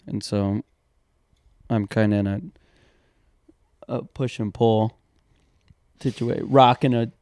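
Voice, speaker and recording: Laughing young man with a smooth voice. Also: lowish voice, fairly even intonation, slow pace, pauses often, darkish tone, dry recording, studio quality. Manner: laughs often, rambling, repeats words. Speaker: podcast co-host. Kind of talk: casual chat.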